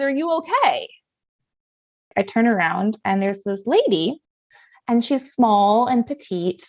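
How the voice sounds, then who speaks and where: A woman in her twenties telling a personal story in a lively, expressive, self-mocking way. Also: on the high side.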